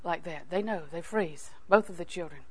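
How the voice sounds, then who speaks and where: An older woman teaching a sermon on scripture in a folksy, animated way, swinging between loud emphasis and hushed asides. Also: fairly low pitch, normal speed. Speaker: Bible teacher.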